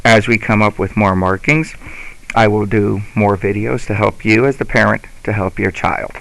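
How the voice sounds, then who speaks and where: A man teaches a lesson in a steady, low, gravelly voice with a fairly bright tone, though the audio is poor. Patient and slow, he walks parents and students through each step like a teacher.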